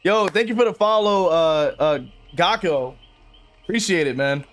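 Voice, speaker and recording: High-voiced exasperated young male streamer. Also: unhurried, fairly bright tone. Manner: exasperated, swearing, frequent laughs. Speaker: game streamer. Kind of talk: casual livestream commentary.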